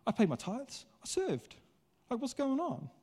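A man voicing a whiny, self-righteous male churchgoer who complains in a high, petulant tone. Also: huge pitch swings, a little slow, a little mellow, husky, heavily acted. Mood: indignant whine.

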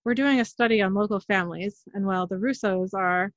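A woman reading out the lines of a wisecracking young male hunter in a flat recap voice, on a dull, dry recording. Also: mid-range voice, fairly quick, no room sound, close to an everyday voice. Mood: wry. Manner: read flatly as a quoted line in a recap.

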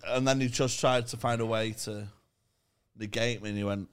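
A man's voice: medium pitch, fairly even intonation, normal speed, smooth. A young man, a podcast co-host, telling his own stories with laughter and self-mockery in casual chat. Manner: self-mocking, laughing, sing-song.

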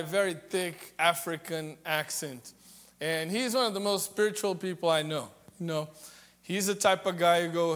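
A man preaching a sermon in a high, bright voice. He talks conversationally with jokes and builds to loud, emphatic points. The sound carries a long reverb, as in a large hall.

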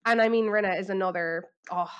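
An Irish woman co-hosting a podcast in casual chat, telling animated stories and putting on exaggerated impressions. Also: mid-range voice, fast, clear, resonant tone, lo-fi sound. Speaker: podcast co-host.

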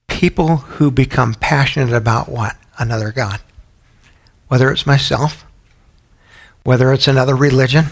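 A man's voice: medium pitch, breathy edge. A man teaching a Bible study in a sermon style, often putting questions to his listeners. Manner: asks the audience questions often.

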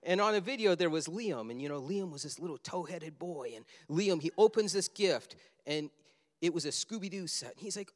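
A man's voice: high voice, very animated, moderate pace. A man preaching a sermon, telling stories animatedly and acting out scenes from a film. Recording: long hall reverb.

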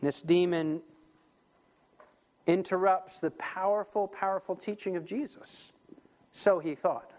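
A man preaching a sermon as pastor, talking in an animated, emphatic way with frequent restarts. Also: high voice, measured pace, pauses often.

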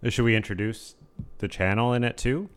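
A man's voice: medium pitch, fairly quick, clear, resonant tone. A man co-hosting a casual podcast, giggly and unsure, often trailing off. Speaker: podcast co-host.

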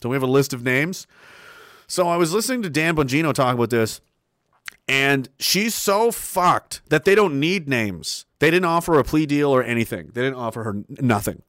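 A man hosting a livestream talk show, reading viewer messages aloud in a casual, animated and profane way. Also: mid-range voice, normal speed, no room sound, clean studio sound. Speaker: show host.

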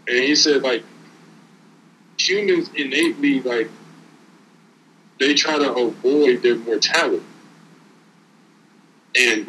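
A man's voice: medium pitch, sharp tone, a little hiss or hum, poor audio. A man giving casual, streetwise motivational talk as a podcast co-host, preaching and repeating words as he builds each point.

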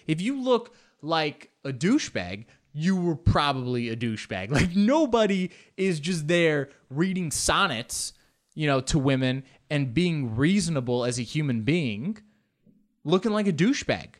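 A man's voice: fairly high pitch, sing-song, moderate pace. A young man hosting a casual solo chat, rambling and self-mocking, with loose slang and lots of fillers.

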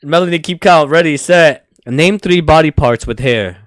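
A man hosting a party game with friends, keeping the rounds moving and laughing freely at the answers. His voice sits a little high, and the sound is close and dry with no room around it. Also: moderate pace, no room sound. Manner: laughs often, joking asides. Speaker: podcast host running a party game. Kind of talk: casual game banter.

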